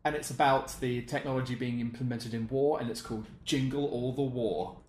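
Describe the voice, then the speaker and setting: A man's voice: mid-range voice, fairly even intonation, fairly quick, reverberant. A man chatting casually on a podcast, rambling and self-deprecating. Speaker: podcast co-host. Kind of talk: casual chat.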